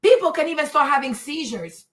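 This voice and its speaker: High, bright-voiced woman ranting hard. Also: lively intonation, fairly quick. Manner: combative, profane, mocking; loud, emphatic repetition. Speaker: livestream host. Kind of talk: ranting livestream talk to chat.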